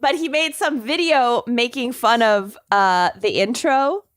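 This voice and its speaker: A woman's voice: fairly high pitch, a little slow, fairly bright tone, no room sound. A woman co-hosting a podcast in casual chat with friends, rambling and laughing often between phrases. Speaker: podcast co-host.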